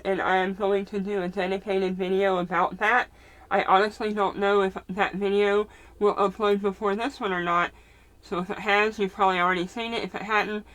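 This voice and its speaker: A woman's voice: mid-range voice, fairly bright tone. A woman vlogger at home, speaking candidly and rambling through a casual get-ready-with-me chat, her speech a little muffled. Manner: candid, rambling, self-correcting.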